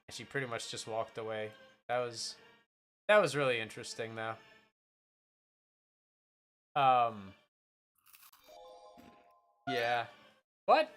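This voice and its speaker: A man's voice: medium pitch, measured pace, pauses often, fairly bright tone, faint music behind. A man streaming, chatting casually and telling a rambling story with many restarts. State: voice changed by a bite on the throat.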